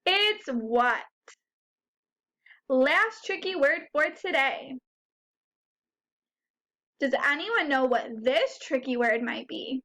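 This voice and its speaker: A woman with a high-pitched, sharp voice and lively intonation teaches a first grade phonics lesson. She sounds out words slowly and clearly and asks the children questions.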